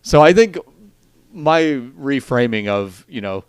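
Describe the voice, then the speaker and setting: A man's voice: mid-range voice, expressive, slow, clean tone, dry recording, studio quality. A man co-hosting a casual gaming podcast, thinking aloud and rephrasing his points as he goes. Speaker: podcast co-host.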